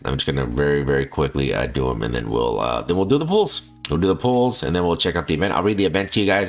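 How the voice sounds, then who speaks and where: A male streamer with a very deep, bassy voice talks through his gaming session, wandering from thought to thought with plenty of fillers. His pitch still moves around in an animated way. Soft game music plays faintly underneath. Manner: rambling, filler-heavy, restarts often, laughs easily. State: feels like coughing. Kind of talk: casual live-stream chat while gaming.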